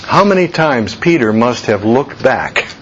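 Slow, deliberate man preaching a sermon. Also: lively intonation, a bit bright, muffled recording, a little hiss or hum. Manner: slow deliberate preaching, voice leaps high for quoted reactions. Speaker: pastor.

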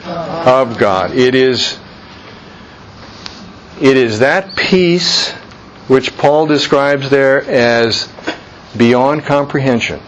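A man's voice: medium pitch, very slow, pauses often, highs cut off, slight background noise. A man leading an informal Bible study, talking earnestly and conversationally, repeating his points for emphasis.

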